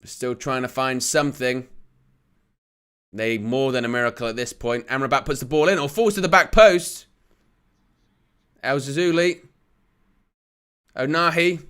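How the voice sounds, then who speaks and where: A young man giving live football watch-along commentary as a channel host, calm between plays and rising to excited shouts at near misses. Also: mid-range voice, measured pace, long pauses, clear, resonant tone.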